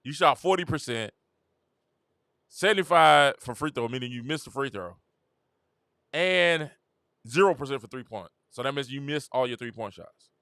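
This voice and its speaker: A man hosts a casual sports commentary stream, rambling through his points in a slangy, animated way and circling back to repeat himself. His voice sits in the middle range. The sound is dry and close. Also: medium pitch, moderate pace, creaky, pauses often, clear, resonant tone, no echo. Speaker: host.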